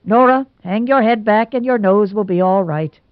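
A woman's voice: medium pitch, moderate pace, dry recording, lightly acted. A woman voicing a stern, irritable older male doctor in a storybook reading. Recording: dull lo-fi recording.

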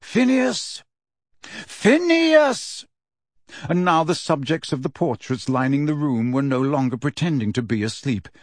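A man narrating an audiobook with expressive, scripted storytelling. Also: mid-range voice, brisk, hardly any pauses, no room sound, studio quality.

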